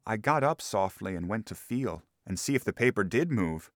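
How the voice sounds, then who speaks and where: Low-voiced man narrating a classic story. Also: expressive, normal speed, dry recording, clean studio sound. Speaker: audiobook narrator.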